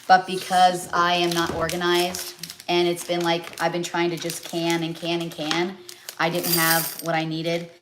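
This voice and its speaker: Unhurried and completely flat in delivery, a middle-aged woman with a fairly low pitch hosts a live cooking stream against a noisy background. She's a cookbook author who chats and rambles, packing in fillers and asides.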